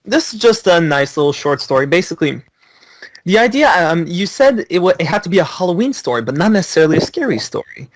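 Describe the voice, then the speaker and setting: A man casually pitching a short holiday story, offhand and full of fillers. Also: very animated, fast, low-quality recording.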